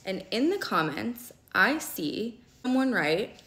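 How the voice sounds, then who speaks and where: A woman's voice: mid-range voice, very animated, fairly bright tone. A woman in her late twenties telling a personal story in a casual, candid way, often checking in with her listeners and swearing freely. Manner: candid and quick, with frequent "okay?" check-ins and swearing. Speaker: storyteller vlogger. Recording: roomy echo.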